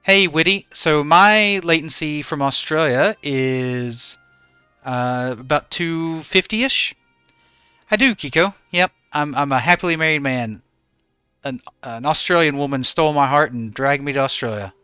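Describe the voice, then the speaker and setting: Bright, clear-voiced man streaming with chat. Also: fairly high pitch, unhurried, no room sound, soft background music. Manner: easygoing, greets and thanks chatters by name. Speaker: game streamer. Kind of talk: live stream chat with viewers. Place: home in regional Australia.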